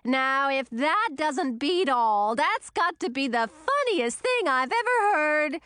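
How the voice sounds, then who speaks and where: A woman voicing a blunt, gruff but kind old witch in a storybook reading. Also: a little high, very animated, normal speed, no room sound. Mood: amused. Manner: blunt, scolding.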